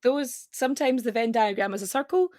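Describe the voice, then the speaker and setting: A woman guest on a podcast, talking casually in quick, rambling runs with frequent restarts. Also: fairly high pitch, darkish tone, no echo, studio quality.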